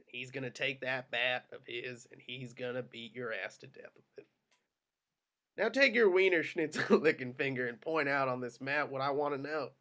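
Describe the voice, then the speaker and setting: A man's voice: medium pitch, moderate pace, pushed and bright. A man reading a hard-nosed officer's lines in an amateur script reading, drawling and menacing. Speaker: reader of Aldo.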